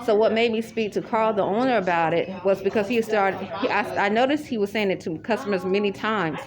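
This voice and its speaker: A woman's voice: mid-range voice, a little fast. Rambling woman over crowd chatter. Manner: rambling and repetitive, many restarts. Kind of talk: casual spoken monologue. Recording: loud crowd chatter behind.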